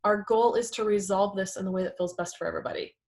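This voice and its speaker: A woman's voice: mid-range voice, steady tone, quick pace, a little mellow. A woman presenting a live workshop, talking it through in a conversational way and acting out example quotes.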